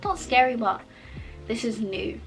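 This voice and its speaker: A woman vlogger sharing a personal testimony in casual storytelling, animated as she acts out her own past reactions, her speech altered by a mouth cover plate. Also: on the high side, measured pace, faint music behind, low-quality recording.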